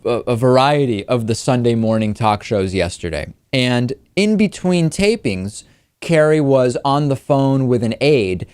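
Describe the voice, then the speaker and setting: A male political talk show host delivers his commentary with emphasis and insistence, and he speeds up when he presses a point. His voice sits at a mid pitch. The sound is close and dry. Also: a little mellow, clear, resonant tone, no echo. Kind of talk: opinionated news commentary.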